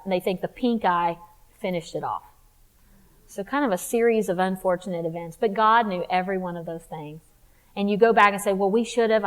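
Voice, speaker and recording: Woman giving a heartfelt church testimony. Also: medium pitch. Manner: conversational and confiding, with emphatic rises. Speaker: women's conference speaker. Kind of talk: personal testimony talk.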